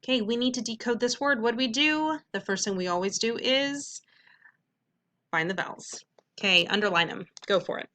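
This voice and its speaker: Woman, teacher, bright voice, clear and patient, stretches sounds slowly, recorded phonics lesson. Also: a little high, a little hiss or hum.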